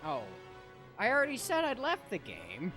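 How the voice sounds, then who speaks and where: A man's voice: very high-pitched, huge pitch swings, normal speed, over music. A man teasing his friends in casual gaming banter over voice chat. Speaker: gamer on stream.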